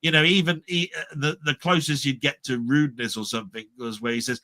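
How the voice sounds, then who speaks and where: This brisk, barely pausing English co-host, middle-aged with a mid-range voice, rambles through casual podcast chat on classic comedy. He throws in animated impressions of comedians, and the live stream mic recording is dry.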